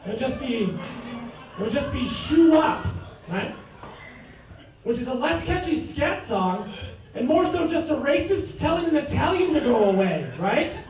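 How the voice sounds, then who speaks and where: A man's voice: very high-pitched, big pitch swings, moderate pace, darkish tone, a little hiss or hum. A man doing a stand-up comedy set in a bar, with cocky, mock-boastful bragging. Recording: echoey room from far off.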